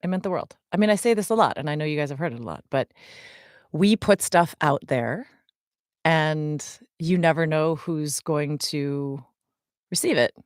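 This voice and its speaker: A woman's voice: sits low, normal speed, no room sound, clean studio sound. A woman in her forties, co-hosting a podcast and answering fan questions in a chatty way, with many ums and small laughs. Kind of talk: casual podcast chat.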